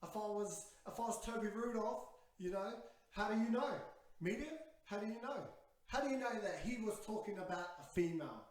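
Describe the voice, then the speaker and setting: A high-pitched man ranting on a podcast in an exasperated, casual way. His voice is drenched in heavy echo from the room. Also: a little fast, distant mic. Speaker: podcast panelist.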